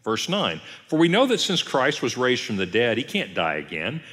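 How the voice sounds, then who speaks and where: A man, a pastor, giving an emphatic, conversational Bible teaching with pauses. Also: mid-range voice, huge pitch swings, fairly bright tone. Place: church sanctuary. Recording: long reverb of a church hall.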